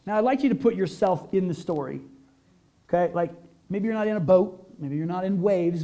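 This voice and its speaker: A man's voice: sits high, moderate pace, mellow. A male pastor preaching a conversational sermon to a congregation, full of rhetorical questions and emphatic peaks.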